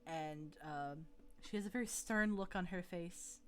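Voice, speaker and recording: A woman game master describing scenes in a tabletop game, slow and unhurried with many ums. Her voice sits slightly low, and soft music plays faintly underneath.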